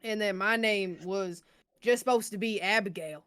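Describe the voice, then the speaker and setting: A woman's voice: mid-range voice, moderate pace, fairly bright tone, clean tone, no room sound. A woman co-hosting a podcast in casual chat, laughing often and swearing casually. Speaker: podcast co-host.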